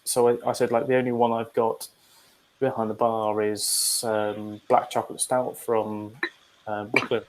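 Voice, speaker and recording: A man's voice: fairly low pitch, flat delivery, a little slow, noisy background. A man co-hosting a casual podcast chat, telling a long story loosely with many fillers and restarts. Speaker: podcast co-host.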